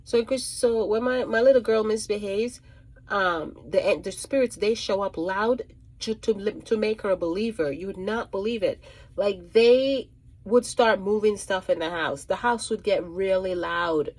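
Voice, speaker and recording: A woman's voice: medium pitch, a little slow, darkish tone. A woman working as a psychic medium, telling a casual storytime monologue in a rambling way, restarting and repeating phrases with many ums.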